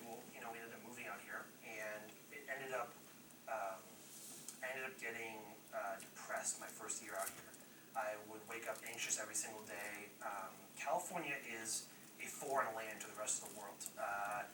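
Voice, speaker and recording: A man's voice: medium pitch, fairly quick. A young man from Massachusetts gives a personal testimony at a church youth service, rambling and correcting himself as he goes. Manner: rambling, self-correcting, apologetic. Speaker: youth speaker. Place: church hall. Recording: echoey hall, distant mic, noisy.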